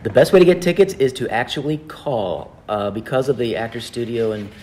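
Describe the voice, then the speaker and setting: A man's voice: medium pitch, fairly quick, a little mellow, slight background noise. A man, the organizer of a stage show, chatting in an interview in an upbeat way with frequent fillers. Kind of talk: casual interview chat.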